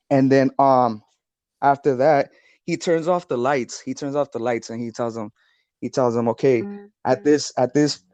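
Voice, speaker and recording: Male podcast co-host, mellow tone, dry sound, rambling repetitive storyteller. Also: medium pitch, unhurried, pauses often, no room sound. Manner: rambling, repeats words, heavy swearing. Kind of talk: casual storytelling chat.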